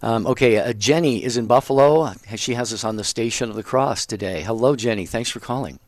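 A man's voice: mid-range voice, fairly quick, no room sound. A middle-aged man co-hosting a call-in talk show, earnest and full of "you know" fillers. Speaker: co-host. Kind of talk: casual radio talk show.

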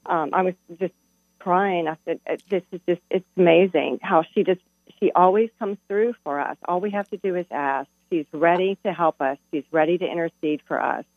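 A middle-aged woman calls in to a radio show to share a heartfelt personal story. Her fairly low voice moves at normal speed, recorded dry over a tinny, humming telephone line.

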